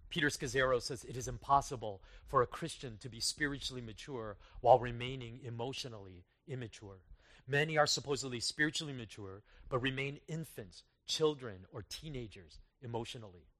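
Guy preaching a sermon, chatty and self-deprecating, mid pitch, goes loud then drops real quiet. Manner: conversational and self-deprecating, with dramatic loud-soft swings. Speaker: pastor.

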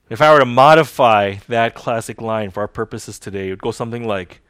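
A male pastor preaches an emphatic sermon, repeating key lines for effect, rising to loud declarations and then dropping to quiet, drawn-out phrases. His mid-range voice has a clean tone, recorded close and dry.

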